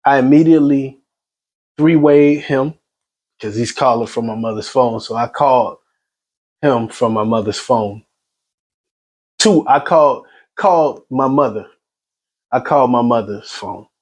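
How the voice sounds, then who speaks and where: A grieving man giving a personal spoken account in an agitated, halting way, full of restarts. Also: medium pitch, a little mellow. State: shaken and grieving. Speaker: son recounting his mother's death.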